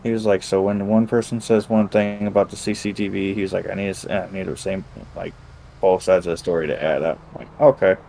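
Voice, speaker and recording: Deep mellow guy casually retelling a game rp bit, does both sides of the convo, swears a lot, faint hiss behind. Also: level tone, brisk, gravelly, poor audio. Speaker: gamer recounting a roleplay session. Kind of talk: casual chat.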